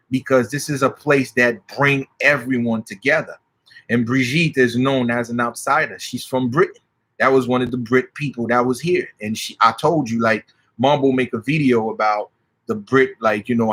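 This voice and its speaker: A man telling stories as a spiritual practitioner, excitable and swearing freely. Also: mid-range voice. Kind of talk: animated storytelling.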